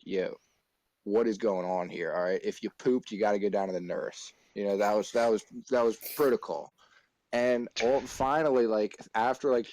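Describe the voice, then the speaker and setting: A man's voice: on the low side, dry recording, low-quality recording. Laid-back young man telling stories. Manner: animated storyteller who acts out quoted voices. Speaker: podcast co-host. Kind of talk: casual storytelling chat.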